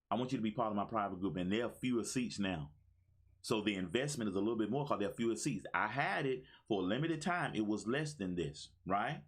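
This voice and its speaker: A man's voice: mid-range voice, slightly rough. A man in his fifties giving a livestream motivational talk, exuberant, with a preacher-like call-and-response manner. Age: 50s. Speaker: motivational speaker. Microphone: phone.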